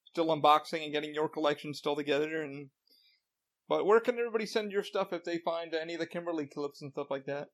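A man's voice: on the high side, fast talker. A man hosting a podcast, chatting casually in a rambling, storytelling way with many fillers. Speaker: podcast host. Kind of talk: casual interview chat.

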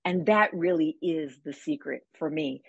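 Emphatic woman guest with a husky voice. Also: sits low, unhurried, no echo, muffled recording. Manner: energetic, emphatic, plainspoken with vivid sayings. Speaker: podcast guest. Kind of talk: conversational interview.

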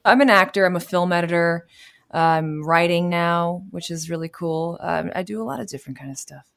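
Woman in her thirties, from New York City, low voice, chatty, laughs easily, casual interview guest. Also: moderate pace, vocal fry. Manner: warm, chatty, laughs easily, many fillers. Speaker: voice actor guest.

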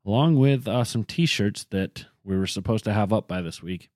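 A man's voice: on the low side, moderate pace, darkish tone, dry recording, studio quality. A man co-hosting a casual podcast, chatty and a little rambling, poking fun at himself. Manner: chatty, rambling, self-deprecating. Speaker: podcast co-host. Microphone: studio podcast microphone.

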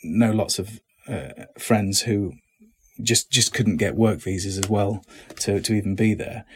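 A middle-aged British man, an actor, talking casually in an interview, relaxed and self-deprecating with many restarts. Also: fairly low pitch, measured pace, a little hiss or hum. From Britain.

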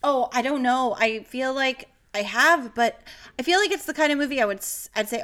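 Young female podcast co-host, bright voice, giggly and rambling. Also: fairly high pitch, brisk, clear, resonant tone. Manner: playful, giggly, drifting off topic. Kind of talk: casual chat.

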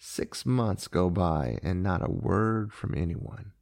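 A man's voice: low-pitched, slow, vocal fry, loud music behind the voice, exaggerated voice. A man voicing a distraught middle-aged mother who scolds and pleads with her son. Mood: weary, pleading. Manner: pleading, exasperated.

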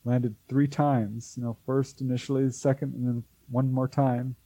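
A man's voice: medium pitch, normal speed, slightly rough, dry recording, poor audio. A man, an author and researcher, telling a long story in an interview and acting out the voices of the people in it. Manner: animated storyteller who acts out quoted voices. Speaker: author and UFO researcher, guest.

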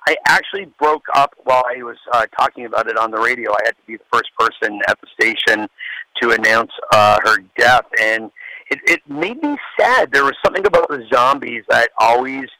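Bright-voiced male radio DJ. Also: medium pitch, fairly even intonation, poor audio. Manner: heartfelt, reflective, halting. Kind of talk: recorded tribute message.

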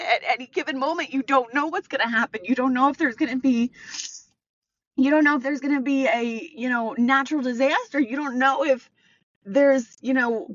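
A woman's voice: high voice, moderate pace, muffled recording. An American woman hosting a podcast while driving, talking earnestly and reflectively with many fillers, near tears. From United States. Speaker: podcast host. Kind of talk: casual solo podcast monologue.

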